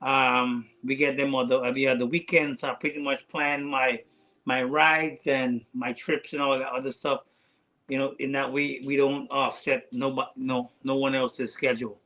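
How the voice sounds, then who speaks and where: A man speaking as a podcast guest, earnest and halting, with many fillers and restarts. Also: mid-range voice, flat delivery, sharp tone, poor audio. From United States. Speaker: guest rider. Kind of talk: heartfelt casual conversation.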